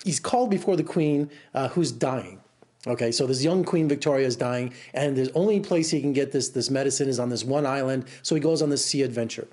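A man's voice: medium pitch, fairly quick, a little mellow. A middle-aged man reviewing a film in a casual, rambling way, exasperated and full of restarts. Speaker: film critic. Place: Las Vegas.

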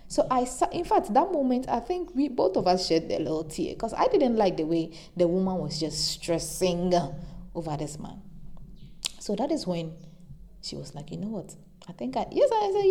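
A young woman hosting a podcast, talking off the cuff and giving emphatic advice with animated storytelling. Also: moderate pace. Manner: emphatic, animated storytelling with sudden high exclamations. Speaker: podcast host. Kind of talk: unscripted advice monologue.

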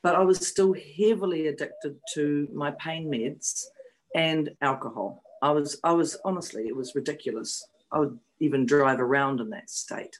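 A woman in her fifties from New Zealand, appearing as an interview guest, tells personal stories candidly and emotionally, repeating phrases for emphasis and swearing bluntly. Her low voice moves at a moderate pace over slight background noise on a rough recording.

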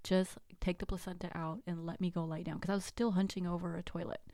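Soft-voiced woman telling a personal story. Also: lowish voice, quick pace, no room sound, clean studio sound. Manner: animated, acts out dialogue, drops to whispers. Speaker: podcast host. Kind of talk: casual storytelling.

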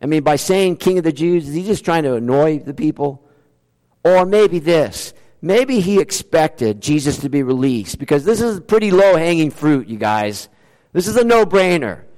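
A male pastor preaching with a fairly high voice. He fires off rhetorical questions, jumping up in pitch and then dropping low and quiet. The sound rings with a long hall reverb. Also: normal speed. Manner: animated preaching with rhetorical questions and sudden swings in pitch and loudness. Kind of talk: sermon.

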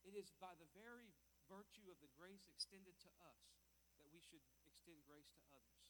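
A man's voice: high voice, moderate pace, pushed and bright, a little hiss or hum, rough recording. A man preaching a sermon in a church, speaking emphatically and repeating words as he walks about and calls out to his listeners.

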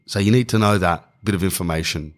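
A man, telling a comic story in casual podcast chat, animated and swearing freely. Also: fast talker. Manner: animated, mimics people with higher voices, swears casually.

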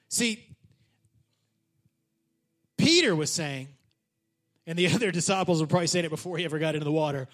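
A male pastor preaching a sermon in an animated, conversational way, often turning to the congregation with questions. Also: a little high, fast, long pauses.

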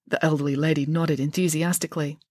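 A woman's voice: sits low, steady tone, fast, darkish tone, no echo, studio quality. A woman reading her own children's novel aloud for a podcast, switching between voices for each character.

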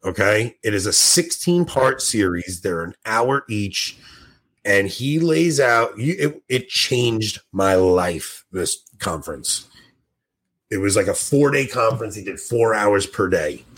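A man's voice: lowish voice, lively intonation, takes it slowly, a bit bright. A man hosting a podcast in casual chat, enthusiastic and rambling, sounding tired. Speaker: podcast host.

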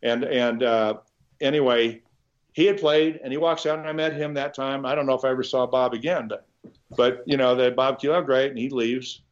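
On a muffled recording, a man speaks at a normal speed in a mid-range voice. He's a Nebraska guitarist being interviewed casually, spinning loose, lively anecdotes full of restarts and the odd curse word.

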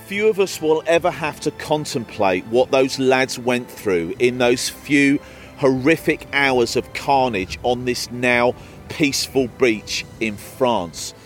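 A male documentary presenter speaks in a solemn, measured tone at a middle pitch, delivering scripted narration. Faint music sits under his voice.

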